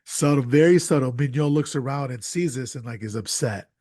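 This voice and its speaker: Animated man chatting about a film. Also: medium pitch, fairly quick. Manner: animated, stumbling restarts, wry asides. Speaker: podcast host. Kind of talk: casual film discussion.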